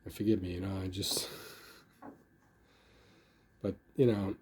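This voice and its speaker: Low, mellow older man rambling about his hobby. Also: level tone, a little slow, a little hiss or hum. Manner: rambling, full of "you know" fillers. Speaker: model builder. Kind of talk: casual hobby video talk.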